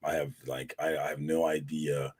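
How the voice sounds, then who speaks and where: A man's voice: rumbling low, flat delivery, normal speed, a little mellow, slightly rough. A man hosting a casual livestream, talking bluntly and with lots of swearing as he recounts an argument to his viewers. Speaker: host of a comic community livestream.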